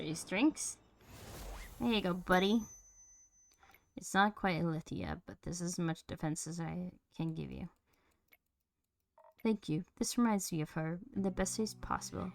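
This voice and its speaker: This streamer has a lowish, fry-tinged voice as she plays through a story game. Voicing each character in turn, she keeps things playful and animated, shifting from one voice to the next.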